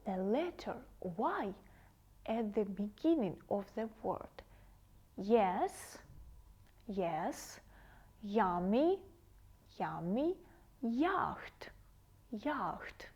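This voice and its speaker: A woman English teacher giving a TV lesson to children, saying each word slowly and carefully and repeating it twice. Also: mid-range voice, sing-song, mellow, slightly rough, muffled recording.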